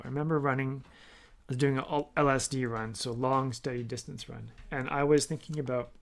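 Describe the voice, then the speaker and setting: Gravelly-voiced man coaching by story. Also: medium pitch. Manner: storytelling, acting out quoted dialogue. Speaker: triathlon coach and podcast host. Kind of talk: casual solo podcast talk.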